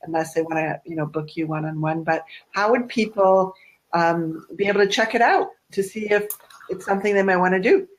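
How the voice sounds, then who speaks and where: A woman with a lower voice than most hosts an interview. She asks easy, friendly follow-up questions, with casual fillers between them. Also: brisk, low-quality recording. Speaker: show host.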